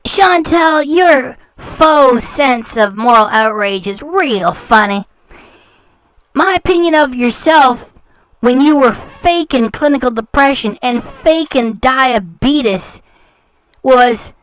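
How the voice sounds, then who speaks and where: A woman's voice: high voice, lively intonation, slow pace. A woman hosting a reaction channel, ranting in a sarcastic, taunting way and repeating words for scorn. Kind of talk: ranting commentary.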